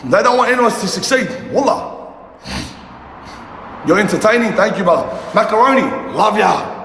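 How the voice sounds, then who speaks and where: A man's voice: high voice, animated, normal speed, vocal fry, a bit bright. A young man, a youth mentor, ranting on a casual livestream in a passionate, profane and repetitive way. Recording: echoey room with long reverb, faint noise.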